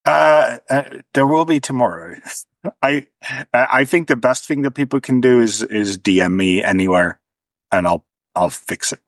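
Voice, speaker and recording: A man's voice: medium pitch, unhurried, no room sound. A man speaking as an interview guest, thoughtful, with frequent restarts and a dry sarcastic streak. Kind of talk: conversational interview.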